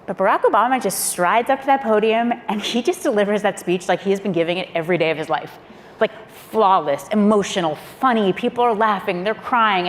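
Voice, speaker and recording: A woman, a former speechwriter, telling a lively anecdote on a panel, acting out quotes and laughing often. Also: mid-range voice, fairly quick. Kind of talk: lively anecdote told to a live audience. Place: auditorium panel event. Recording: long hall reverb, faint room noise.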